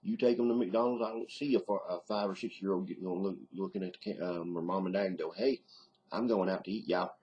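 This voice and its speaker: A man's voice: low voice, steady tone, fast, hardly any pauses, darkish tone, slightly rough, muffled recording. A middle-aged man with a Southern US accent, rambling in a casual video diary with lots of ums. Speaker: video diarist. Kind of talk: casual vlog monologue.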